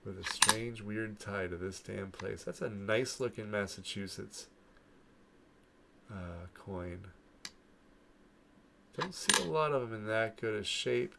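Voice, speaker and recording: The recording is very noisy, with coins clinking loudly and a keyboard clacking nearby. A man from Florida with a New York accent, who runs a coin-collecting channel, talks slowly in a lowish, gravelly voice with long pauses, rambling casually as he sorts coins, talking to himself and leaving sentences unfinished.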